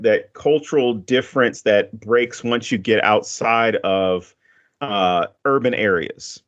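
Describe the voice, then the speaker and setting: A man from Louisiana chatting casually as a podcast guest, rambling and swearing easily, with frequent restarts. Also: fairly low pitch. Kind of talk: casual chat. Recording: dull lo-fi podcast audio.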